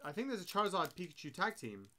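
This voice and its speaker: A young man giving excitable, slangy commentary while opening card packs on a live stream, often breaking into loud shouts. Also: high-pitched, fast.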